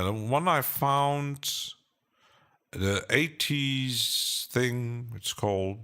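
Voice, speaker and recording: A man's voice: low-pitched, a bit bright. A man hosting a casual live stream, chatting hesitantly with lots of fillers and little chuckles as he answers his chat.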